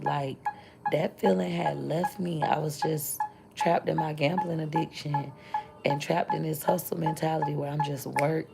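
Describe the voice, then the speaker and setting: A woman's voice: deep voice, vocal fry. A woman content creator and mother chatting candidly with her viewers on a livestream, rambling and thanking them between thoughts. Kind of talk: casual livestream chat with viewers. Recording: loud music playing behind the voice. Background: loud music.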